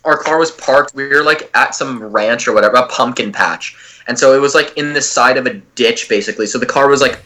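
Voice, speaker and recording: A man's voice: mid-range voice, a little fast, hardly any pauses, pushed and bright. Casual young man telling stories. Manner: swearing, laughing storyteller. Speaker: podcast co-host. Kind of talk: casual chat.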